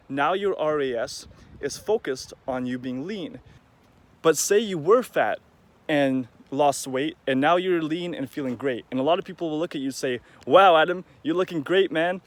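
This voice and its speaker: A man talking casually to the camera in a rambling, conversational vlog, now and then acting out the voices of people he quotes. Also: fairly high pitch. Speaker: vlogger.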